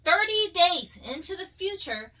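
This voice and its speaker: Sharp, high, blunt woman. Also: sing-song, a little slow, rough recording. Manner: blunt, sassy, emphatic. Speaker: podcast co-host. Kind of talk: casual reaction chat.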